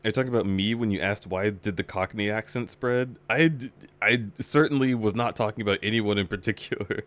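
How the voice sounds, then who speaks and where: A man's voice: on the low side, a little fast, a bit bright. A man streaming and reacting to a video with giggly, teasing commentary.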